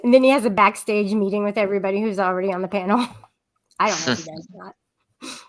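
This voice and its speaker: A woman's voice: mid-range voice, fairly quick. A woman hosting a casual livestream chat, talking in a rambling, giggly way with frequent restarts. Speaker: livestream host.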